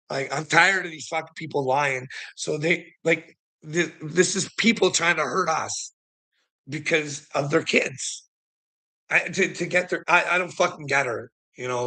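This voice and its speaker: A man's voice: a little high, pushed and bright. A man on an angry livestream rant, swearing heavily and sounding bitter and indignant. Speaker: streamer.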